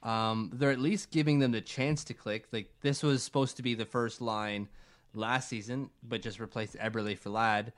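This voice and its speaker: A man's voice: mid-range voice, steady tone, moderate pace. A young man co-hosting a casual sports podcast, talking in a loose, rambling, jokey way. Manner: rambling, jokey, does silly voices. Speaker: podcast co-host.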